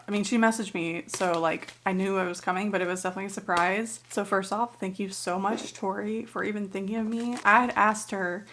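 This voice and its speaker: A young woman chatting casually as a book vlogger, gushing and filling her talk with "like", sometimes dropping to a soft near-whisper. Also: mid-range voice, steady tone, a little fast, hardly any pauses, a little hiss or hum. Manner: gushing, chatty, many "like" fillers. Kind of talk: casual chat.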